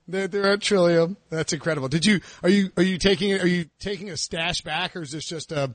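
A high-voiced man hosts a casual sports podcast, chatting and joking with plenty of fillers. His voice sits close and dry on the mic, with no room sound around it. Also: brisk, dry recording. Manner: chatty, jokey, lots of fillers and restarts. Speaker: podcast host. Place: southern US.

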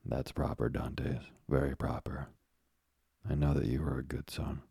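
A kindly, fatherly ship owner, read by a man with an extremely low, flat voice. The tone is dark and husky, and the sound is dry and close. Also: normal speed, no echo, heavily acted. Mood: genial. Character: kindly middle-aged male ship owner.

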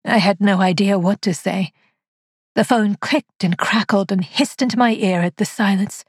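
A woman narrator reads a scripted first-person story as a frail, frightened old spinster recounting her haunted nights, her mood uneasy. Her husky, hushed voice is mid-range and close to everyday, at normal speed, recorded dry and close to the mic with no echo.

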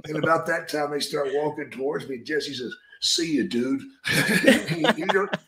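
A man's voice: fairly high pitch, normal speed, sharp tone, roomy sound, a little hiss or hum, poor audio. A man telling a long story in a drawling, profane way, leaning on "brother" and "man". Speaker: podcast host and retired wrestler telling stories. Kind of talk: casual storytelling.

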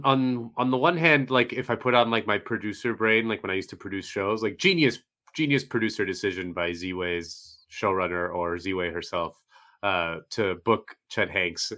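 A man's voice: on the low side, moderate pace, pushed and bright. A man co-hosting a podcast, rambling through his points with many restarts. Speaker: podcast co-host. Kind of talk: casual chat.

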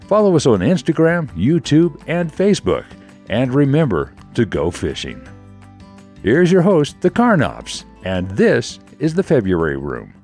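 A man reading the scripted introduction to a podcast in a measured, evocative delivery. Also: medium pitch, mellow. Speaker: show intro narrator. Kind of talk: scripted narration.

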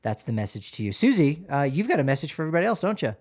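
A man co-hosting a casual podcast with a relaxed, joking delivery. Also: a little high, rapid-fire. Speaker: host. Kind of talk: casual chat.

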